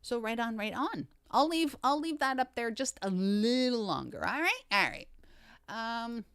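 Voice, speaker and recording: A woman hosts a casual livestream, greeting viewers one by one in an upbeat, chatty way. Her pitch rises and falls in a lively, animated way while she keeps an unhurried pace. The sound is dry and close, with little room around it. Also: smooth, dry recording. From Canada. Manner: upbeat, greets viewers by name, repeats catchphrases. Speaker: livestream host.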